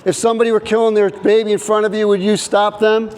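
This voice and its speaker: A man preaching in the open air to passers-by in a loud, insistent, declaiming way. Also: high voice, flat delivery, fast talker, clean tone, poor audio. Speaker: street activist. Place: outdoors by a government building.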